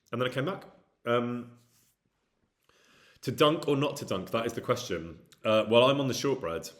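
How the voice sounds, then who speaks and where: A man with a mid-range, slightly bright voice and a Brummie accent from the English Midlands near Birmingham hosts a livestream. He chats casually with his viewers and reads out their comments in a self-deprecating way.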